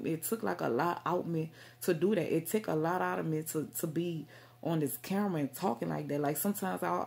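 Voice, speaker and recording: A woman's voice: on the low side, creaky, a little mellow. A woman vlogging straight to camera about faith and herself, rambling and stumbling over her words with lots of fillers. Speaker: Christian vlogger. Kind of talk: casual direct-to-camera talk.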